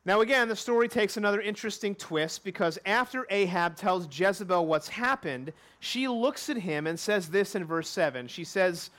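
This is a man with a notably high voice preaching a sermon. He walks through a scripture passage step by step and repeats his main points for emphasis. He is in his thirties. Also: fairly bright tone. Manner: expository preaching with repeated key lines and acted quotes. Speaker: pastor.

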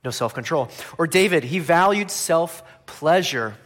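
Animated preaching man, slightly high voice. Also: measured pace. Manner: animated, acts out quoted voices of biblical figures; swings between loud emphasis and quiet, dropping line ends. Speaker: pastor. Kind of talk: sermon.

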